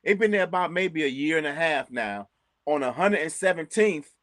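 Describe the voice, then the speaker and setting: A man with a Chicago accent chatting casually as co-host, animated, repeating words and laughing often. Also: a little high, moderate pace, no room sound, studio quality. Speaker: co-host recommending local restaurants. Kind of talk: casual chat.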